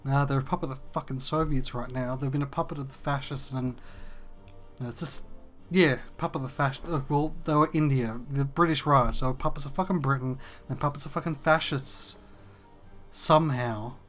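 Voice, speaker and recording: A man's voice: mid-range voice, fairly even intonation, normal speed, a bit bright, soft background music. A man, hosting a casual gameplay rant that is frustrated, profane and rambling. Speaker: gaming video host.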